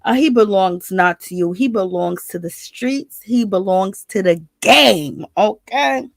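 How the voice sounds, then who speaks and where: A woman's voice: medium pitch, animated, unhurried, vocal fry, dry recording. A woman giving casual, sassy gossip commentary on a reality show, calling her listeners girl and baby.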